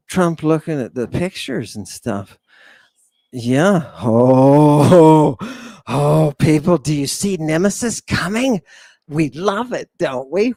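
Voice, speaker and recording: Animated preacherly man lecturing on scripture. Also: a little high, dry recording. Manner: animated, preacherly, keeps addressing listeners as "people" and asking "right?"; sighs often, sarcastic asides. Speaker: host.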